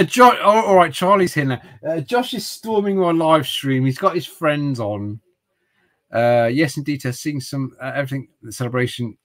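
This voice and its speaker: A man's voice: on the high side, fairly bright tone, rough recording. A middle-aged man chatting casually while streaming games, rambling with stumbling restarts and jokes. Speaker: streamer playing retro games. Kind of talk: casual livestream chat.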